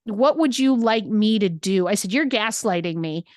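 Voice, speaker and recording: Middle-aged woman, podcast guest, candid storyteller who acts out both sides of a conversation; mid-pitched, close and dry. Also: normal speed, no room sound. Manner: animated, quotes herself and her son in dialogue.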